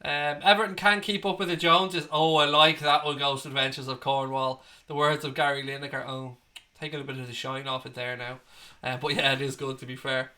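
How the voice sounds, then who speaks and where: An Irish man in his thirties runs a fan channel's casual live stream, reading out the chat and firing back with banter and swearing. His medium-pitched voice is level, brisk and sharp.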